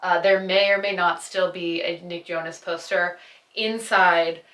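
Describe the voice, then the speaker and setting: A young woman chats away as a vlogger, gushing and acting out bits of dialogue. Her voice is bright and clear, but she sits a little back from the mic. The room adds a noticeable echo. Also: lowish voice, fairly even intonation, a little slow. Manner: chatty, gushing, acts out characters' lines. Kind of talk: casual chat. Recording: echoey room, a bit far from the mic.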